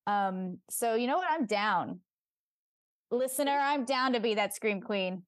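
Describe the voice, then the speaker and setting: A woman's voice: fairly high pitch, expressive, a little slow, no echo, clean studio sound. A young adult woman, an actress chatting as an interview guest, upbeat and talkative, with lots of fillers and restarts. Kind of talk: casual interview chat.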